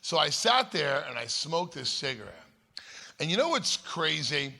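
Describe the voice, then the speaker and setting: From a stage in a large church conference hall, a man tells his personal story as a guest speaker, talking emphatically and conversationally and frequently engaging the audience. His voice is a little high with big pitch swings, vocal fry and a sharp tone, at a moderate pace, and the recording carries long hall reverb.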